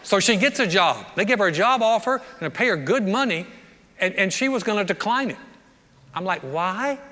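A man, preaching a sermon, animated and joking, acting out the voices of the people in his stories. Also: high voice, normal speed. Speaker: pastor. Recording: long reverb of a large hall.

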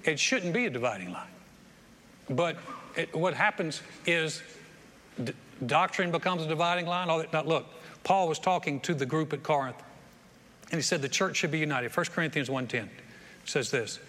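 A man preaching a lively sermon as pastor, repeating phrases and acting out other people's voices, on a stage microphone in a church auditorium. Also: a little high, moderate pace, pauses often. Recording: long hall reverb, faint room noise.

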